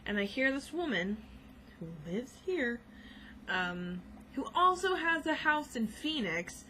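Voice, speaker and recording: A woman's voice: high voice, very animated, slow pace, bright, forceful tone, slight background noise, poor audio. Gushing young woman vlogging. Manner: gushing, rambling, many fillers. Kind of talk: casual chat.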